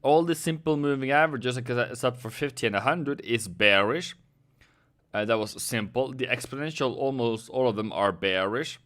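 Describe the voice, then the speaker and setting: A man's voice: medium pitch, normal speed, fairly bright tone. Chatty man streaming live trades. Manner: chatty, rambling, talks to viewers by name. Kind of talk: casual live-stream commentary.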